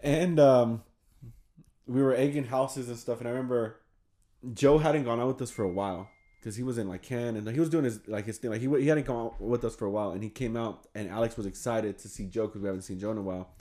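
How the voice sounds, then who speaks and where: A young man telling stories in casual chat. He talks with slang and swearing, laughs often, and gets loud when acting out his friends. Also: mid-range voice, fast talker. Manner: slangy and profane.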